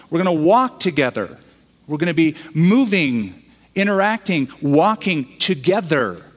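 A man's voice: on the high side, long reverb tail. A man who is a pastor, preaching a sermon in a conversational way, bringing in humorous quoted voices.

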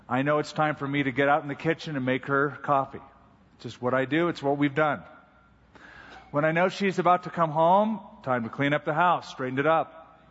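A pastor giving a sermon, unhurried and conversational, easing into stories about daily life. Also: male voice, fairly high pitch, a bit bright. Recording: dull recording with long hall reverb.

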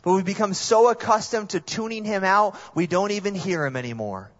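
Animated man preaching a sermon. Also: high-pitched, brisk, muffled recording. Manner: animated storytelling with sudden drops to quiet. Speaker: guest pastor.

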